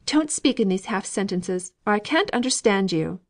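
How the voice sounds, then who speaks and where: A woman voicing an impatient, sharp-tongued young lady of a wealthy household in an audiobook reading. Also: expressive, lightly acted. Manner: insistent, shrill and quick to contradict.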